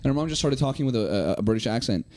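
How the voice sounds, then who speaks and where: Fast-talking young man, casual podcast banter. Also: medium pitch, lively intonation, darkish tone. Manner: fast, loose and profane, with frequent fillers. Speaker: podcast co-host. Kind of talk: casual comedic chat.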